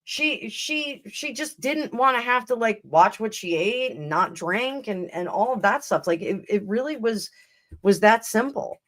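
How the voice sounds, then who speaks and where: A woman's voice: a little high, animated, a little slow, a bit bright. A woman hosting a live tarot stream, chatting casually and rambling, with frequent laughs and restarts. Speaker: tarot reader and livestream host. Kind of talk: casual livestream chat.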